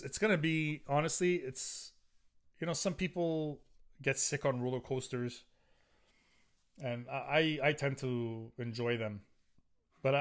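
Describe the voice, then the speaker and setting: A middle-aged man hosting a solo podcast, ranting in a profane, rambling way with frequent restarts. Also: mid-range voice. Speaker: podcast host.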